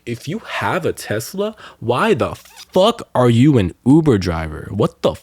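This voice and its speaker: A man's voice: mid-range voice, huge pitch swings, a little slow, darkish tone, breathy edge, dry recording. A young man, a podcast co-host, ranting in casual chat with lots of swearing and filler words. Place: Los Angeles area.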